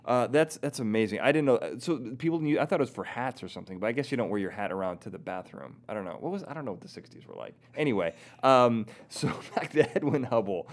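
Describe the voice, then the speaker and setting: A woman host with a strikingly deep voice and a lively, swooping delivery. She is curious, jumping in with exclamations and playful jokes during a casual interview. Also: fast, hardly any pauses. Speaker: podcast host.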